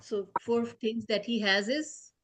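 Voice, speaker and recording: A woman whose voice sits fairly high leads a children's lesson, telling a story with lively energy. She keeps asking the kids "okay?" and "right?" to keep them engaged. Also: slow, slight background noise. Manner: animated, checks in often with the kids. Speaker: children's teacher.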